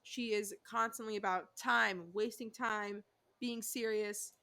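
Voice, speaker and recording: A woman in her thirties co-hosts a casual recap podcast. She talks in an animated, profane way, mid-pitched and ordinary in tone. She acts out bits of dialogue as she goes. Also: slow pace. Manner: animated, swearing, acts out quotes from the show. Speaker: podcast co-host.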